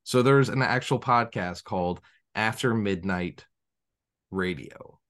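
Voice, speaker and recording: A man's voice: lowish voice, slow. A man on a podcast, chatting casually and telling rambling stories as a game master, acting out the voices of people he quotes. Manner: animated storyteller who acts out quoted voices; rambling with frequent restarts.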